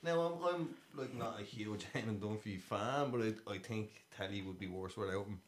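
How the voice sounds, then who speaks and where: A man's voice: fairly low pitch, normal speed, echoey room, slight background noise. A man, a podcast guest in casual chat, telling jokes and anecdotes. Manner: storyteller, tells jokes and anecdotes.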